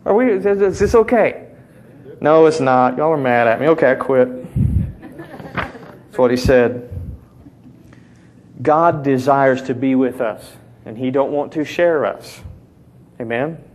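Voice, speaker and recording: A man's voice: medium pitch, a little slow, long pauses, darkish tone. A middle-aged man preaching a sermon, talking conversationally and teasing the congregation with call-and-response. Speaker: pastor.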